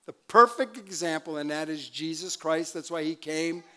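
A man's voice: fairly high pitch, moderate pace, pushed and bright. Older man preaching a chatty sermon. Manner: chatty, laughing asides, calls for amen. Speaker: pastor. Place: church sanctuary.

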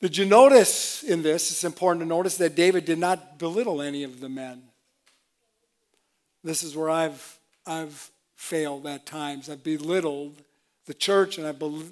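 Fervent preaching man, fairly high voice. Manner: fervent, swings between loud exclamations and low asides; self-deprecating, with laughs and restarts. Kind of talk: sermon.

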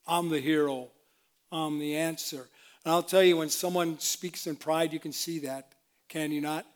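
A man preaching a sermon with fervent delivery, moving between loud exclamations and quiet, self-deprecating asides. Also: on the high side, fairly even intonation, normal speed. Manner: self-deprecating, with laughs and restarts.

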